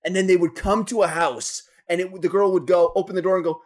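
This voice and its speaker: A man co-hosting a podcast, chatting crudely and profanely with loud bursts of laughter. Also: high voice, steady tone, fast, few pauses. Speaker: podcast co-host. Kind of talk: crude casual chat.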